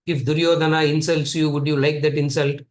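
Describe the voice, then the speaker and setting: A man's voice: a little high, level tone, a little fast, reverberant. A man with a Tamil accent giving a conversational scripture lecture, repeating phrases and asking rhetorical questions. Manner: repetitive, rhetorical, conversational teaching. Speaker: Vedanta teacher.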